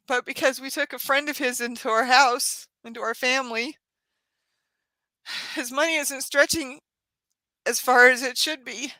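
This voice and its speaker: A tearful woman talks on a live stream from her yarn craft channel, her voice high and bright. She speaks haltingly, with many sighs and apologies. The sound is dry and close. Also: no room sound. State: tearful, crying.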